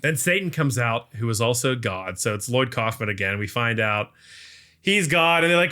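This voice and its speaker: A man co-hosting a podcast, recapping a film in a rambling casual way, full of "like" and quick acted-out lines. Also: mid-range voice, expressive, pushed and bright, smooth. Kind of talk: casual chat.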